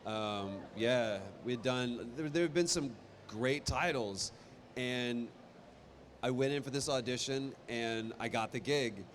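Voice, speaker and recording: A man in his thirties telling stories on a convention stage into a handheld mic, animated and self-deprecating. His voice sits at a mid pitch, and he trips into frequent restarts. A faint hiss sits under the sound. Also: slow pace. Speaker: voice actor guest on a convention panel. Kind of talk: live panel storytelling.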